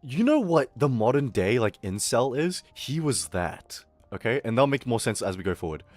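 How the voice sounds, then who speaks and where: Young male streamer, mid-pitched, chatty rant full of swearing and quoted voices, dry close sound. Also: big pitch swings, normal speed, dry recording. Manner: rambling, profane, acts out the people he quotes. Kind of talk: casual storytelling rant.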